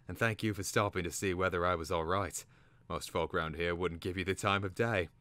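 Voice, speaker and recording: A man's voice: deep voice, fairly even intonation, a little fast, sharp tone, no echo. A man doing a grumbling creature peddler. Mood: wheedling. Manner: complaining, wheedling salesman. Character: grumbling male creature peddler, wary, shrewd. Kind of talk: dramatic reading.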